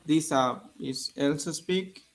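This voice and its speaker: A man with a Spanish accent speaking English slowly on a video call. His pitch sits a little high for a man. He gropes for words and repeats new ones as he goes. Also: rough recording. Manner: hesitant, searching for words, repeats new terms. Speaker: English student.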